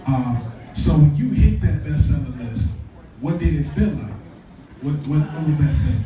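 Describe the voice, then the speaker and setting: Slangy excitable man host, mellow and roomy. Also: fairly high pitch, moderate pace, faint music behind. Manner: slangy, excitable, rambling storyteller. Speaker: podcast host. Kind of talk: live podcast interview. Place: live podcast event before an audience. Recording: roomy venue, distant mic.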